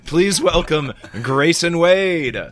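Hoarse man with a head cold. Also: fairly high pitch, takes it slowly, slight background noise. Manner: playful, theatrical. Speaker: podcast host. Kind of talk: casual podcast chat.

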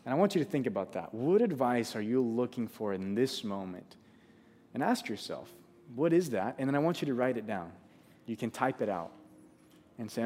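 A man's voice: medium pitch, sing-song, normal speed, a little mellow, slight background noise. A man preaching a sermon, earnest and conversational, often restarting his sentences. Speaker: pastor.

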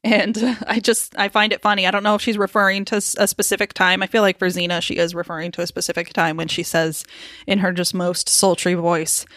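A woman's voice: on the low side, level tone, brisk, a bit bright, no echo, clean studio sound. A woman co-hosting a podcast, recapping a TV episode in casual, joking chat full of "like" and swearing. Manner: chatty and joking, lots of likes and swearing. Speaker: podcast co-host.

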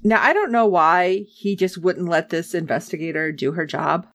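A woman's voice: lowish voice, normal speed. A woman chatting casually as a podcast co-host, recapping a TV episode with sarcasm and acting out the characters' lines.

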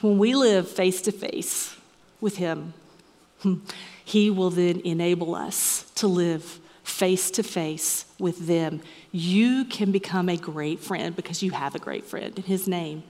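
A woman preaching a sermon in a church, earnest and measured, sometimes dropping to a soft whisper for emphasis. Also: on the low side. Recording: echoey hall reverb.

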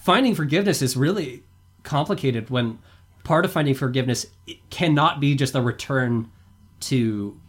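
A young adult man, a podcast guest, talking in a rambling, animated way full of filler words. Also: medium pitch, moderate pace, husky. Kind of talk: casual discussion.

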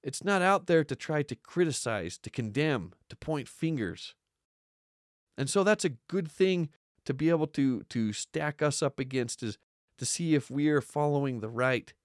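In a clean studio recording with no echo, a man's higher-leaning voice carries lively intonation at a moderate pace. He hosts a podcast, earnestly teaching scripture and repeating words for emphasis.

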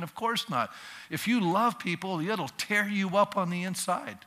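A male pastor preaching a sermon in a lively, conversational way, acting out little dialogues for the congregation. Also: sits high, normal speed. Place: church sanctuary. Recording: long reverb of a church hall.

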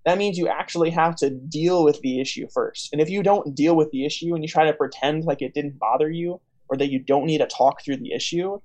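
A man's voice: a little high, brisk, few pauses, a little mellow. A young man hosting a faith podcast in casual chat, telling a story with many fillers and restarts. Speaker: podcast host.

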